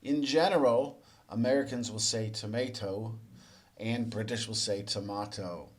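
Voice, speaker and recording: A man teaching English. He asks the viewer quiz questions, then explains the answers in a relaxed, conversational way. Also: mid-range voice, moderate pace. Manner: relaxed and conversational, with small restarts. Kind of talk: explanatory lesson narration.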